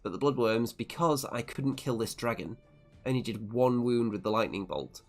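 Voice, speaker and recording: A man's voice: medium pitch, lively intonation, normal speed, soft background music. A man narrating a tabletop wargame tournament report turn by turn, with a wry, self-deprecating play-by-play manner. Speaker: tabletop wargame channel host.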